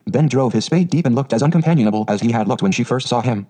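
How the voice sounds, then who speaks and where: A man reading a storybook aloud in a steady, even narrating voice. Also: medium pitch, fast. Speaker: audiobook narrator.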